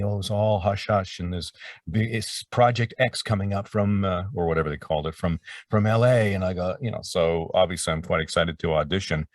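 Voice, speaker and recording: A middle-aged voice actor, appearing as an interview guest, tells stories in a deep voice, rambling, breaking off mid-sentence, and acting out what people said. The audio is studio quality with no room sound, though recorded from a distance.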